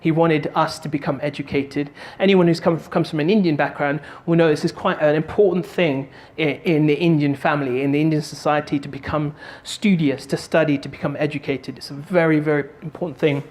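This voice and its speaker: A man giving a motivational talk, telling a story in an animated, jokey way and doing voices. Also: a little high, a little fast, hardly any pauses. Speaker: motivational speaker and stand-up comic.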